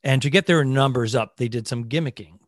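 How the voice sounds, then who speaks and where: A man's voice: medium pitch, brisk, no room sound. A man with a mid-range voice riffs on a comedy podcast, spinning straight-faced absurd bits. The sound is close and dry, with no room around him. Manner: deadpan, riffing on jokes with mock seriousness. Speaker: podcast co-host. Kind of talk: casual comedy podcast chat.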